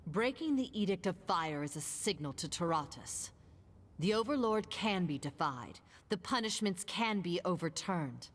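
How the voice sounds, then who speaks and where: A woman voicing a stern, scholarly female mage in a video game, speaking in a dry, measured, slightly sardonic way. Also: fairly low pitch, expressive, in a large hall. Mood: earnest.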